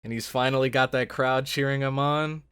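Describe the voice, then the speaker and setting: A man giving casual reaction commentary, thinking out loud with lots of fillers and breaking into loud excited exclamations. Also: medium pitch, moderate pace, smooth. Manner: thinks aloud with many fillers. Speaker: anime reaction host.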